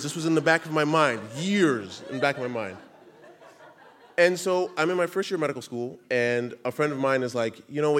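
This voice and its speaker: A man telling a personal story on stage, animated, laughing through his lines and acting out what others said. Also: medium pitch. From Canada. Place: live stage event.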